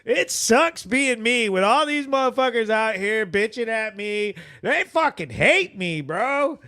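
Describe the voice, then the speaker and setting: A brash man hosts a live stream, ranting with constant profanity and laughing between viewer comments. His voice is high and bright, with a sharp edge. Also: lively intonation, a little slow, clear, resonant tone. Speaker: host of a live news recap stream.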